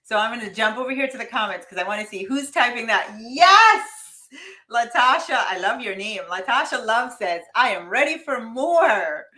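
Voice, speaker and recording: A woman hosting a live-streamed money mindset coaching session. She talks in a high-energy, emphatic way, speaks straight to her viewers and reads their comments aloud. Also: expressive, fairly quick, few pauses, sharp tone.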